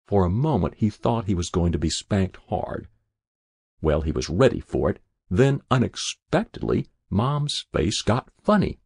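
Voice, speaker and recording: A man narrating a story in an expressive, characterful way, with a husky voice. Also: sits low, measured pace, dry recording, studio quality.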